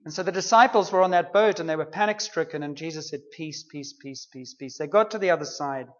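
A man's voice: fairly high pitch, quick pace, dull audio. A man preaching a sermon in a conversational, humorous way, with playful asides to the congregation.

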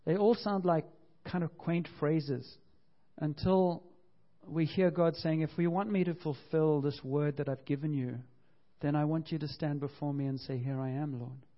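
A man's voice: fairly high pitch, fairly even intonation, moderate pace, dull audio. A man preaching a sermon with passion, often repeating himself and acting out the quotes he tells. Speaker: pastor.

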